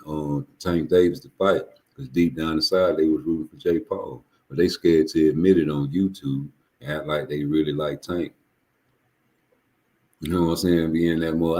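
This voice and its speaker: A man's voice: a bass voice, a little mellow. A man ranting casually on a live stream, profane, rambling and repeating himself.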